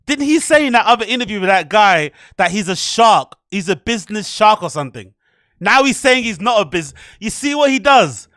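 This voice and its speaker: A man's voice: high-pitched, very animated, normal speed, a bit bright, no room sound, clean studio sound. A man hosting a show, giving profane, sarcastic commentary full of rhetorical questions. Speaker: host. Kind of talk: ranting commentary on clips.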